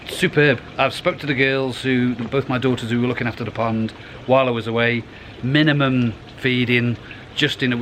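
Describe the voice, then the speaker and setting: A man's voice: medium pitch, a bit bright, slight background noise. Rambling middle-aged man outdoors. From United Kingdom. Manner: rambling and chatty, restarts phrases. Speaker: koi pond vlogger. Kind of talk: casual vlog. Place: outdoors by a garden pond.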